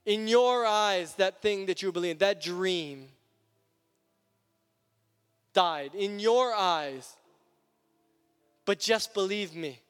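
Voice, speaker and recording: A man voicing a calm, reassuring Jesus who talks in a casual, soothing way. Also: sits high, takes it slowly, long pauses, clear, resonant tone, pitched below the performer's own voice. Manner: soothing, colloquial. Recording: long church reverb with music.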